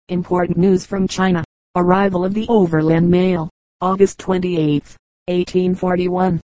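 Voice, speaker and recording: A woman reading an audiobook as scripted narration, in an even, unhurried manner. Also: fairly low pitch, dry recording, rough recording. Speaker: audiobook reader.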